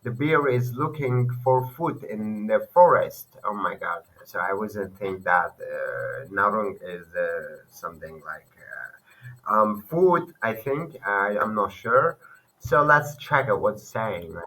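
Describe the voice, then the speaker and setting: A man's voice: lowish voice, animated, slow pace, sharp tone, poor audio. Hesitant man. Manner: hesitant, many fillers and self-corrections. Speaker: language learner teaching online. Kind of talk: casual screen-share lesson.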